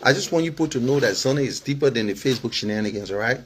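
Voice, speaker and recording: A man's voice: medium pitch, animated, rapid-fire, fairly bright tone, slight background noise. A man with a Liberian English accent, talking casually and with feeling to his followers, often checking in with "you understand?" and chuckling. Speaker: political vlogger and former candidate.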